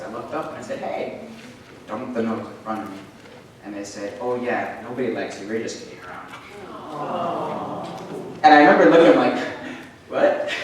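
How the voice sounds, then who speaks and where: A young man giving a youth sermon as a lively story, playing his younger self in sudden high, excited bursts. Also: a little hiss or hum. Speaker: youth speaker. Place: church sanctuary. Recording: very echoey church hall from far off.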